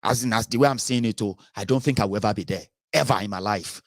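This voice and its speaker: Yoruba-accented nigerian guy ranting politics, lowish voice, dry sound, lots of uh and okay?. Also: quick pace, no echo. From southern Nigeria. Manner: emphatic, rhetorical, many "uh" fillers and tag questions. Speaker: political commentary host. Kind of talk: opinionated political monologue.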